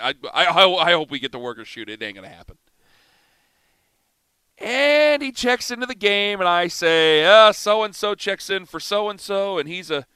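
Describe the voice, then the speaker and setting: A middle-aged man hosting sports talk radio, telling a story in an animated, self-mocking way. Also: on the high side, smooth, no echo. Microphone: studio microphone.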